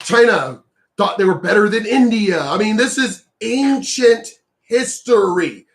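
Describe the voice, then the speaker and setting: A man giving a heated, profane reaction commentary, hammering his points and sometimes shouting. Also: sits high, animated, a little slow.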